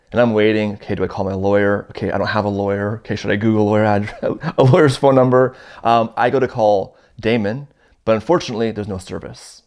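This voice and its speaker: Animated Canadian man telling a story. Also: on the low side. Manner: animated, acts out quoted dialogue in his stories. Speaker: storyteller guest. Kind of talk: casual first-person storytelling.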